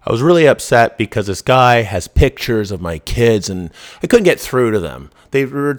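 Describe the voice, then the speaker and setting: A man talks through a casual podcast monologue, his voice sitting fairly low. He is blunt and profane and often restarts his sentences. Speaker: podcast host.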